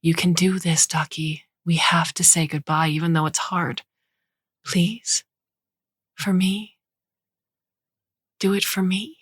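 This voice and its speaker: A woman voicing a gentle robot stand-in for a loving mother, speaking softly and partly in a whisper. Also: fairly low pitch, slow pace, pauses often, husky, dry recording, clean studio sound. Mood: pleading. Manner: soft, tender, partly whispered.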